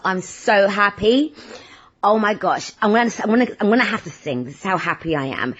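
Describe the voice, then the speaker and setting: A woman's voice: mid-range voice, fairly quick, soft background music. A woman hosting her podcast as a casual, playful monologue. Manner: animated, playful, breaks into silly singing. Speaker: podcast host. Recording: dull lo-fi recording.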